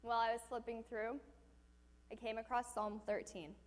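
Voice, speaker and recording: High-voiced woman preaching in a hall. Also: moderate pace. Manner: storytelling, animated, asks the audience questions. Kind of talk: sermon.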